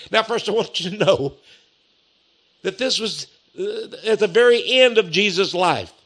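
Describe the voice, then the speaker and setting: A male preacher with a high, bright voice delivers a sermon slowly and emphatically. He repeats key phrases and reads scripture with deliberate care.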